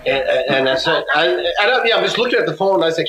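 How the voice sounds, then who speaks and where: A man's voice: fairly high pitch, animated, fast talker, roomy sound, background noise. A man guesting on an interview, telling stories in a casual way and acting out the other people's lines. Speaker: musician guest.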